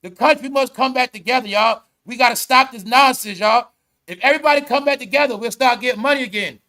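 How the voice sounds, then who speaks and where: A man's voice: very high-pitched, fast, pushed and bright. A man giving casual, profane vlog commentary and breaking into laughter often. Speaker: online commentator.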